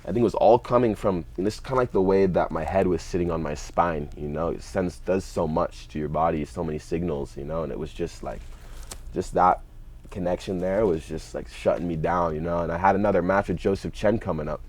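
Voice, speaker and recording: A man's voice: low-pitched, a little fast, darkish tone. A young man telling a story in a laid-back way, with lots of "you know" and "like". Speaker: podcast guest, fighter. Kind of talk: casual storytelling.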